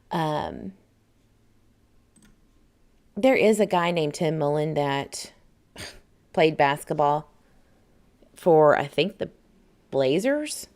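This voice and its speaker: A woman with a Southern US accent hosts a casual livestream, chatting, reading viewer comments aloud, and laughing often. Her deep, darkish voice is animated, with drawn-out words and frequent pauses.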